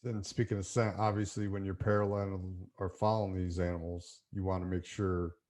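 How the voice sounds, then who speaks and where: A man hosting a podcast, chatting easily with his guest. His voice sits low and warm, and he speaks loosely, with plenty of filler words. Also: level tone, fairly quick. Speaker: podcast host. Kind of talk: casual podcast conversation.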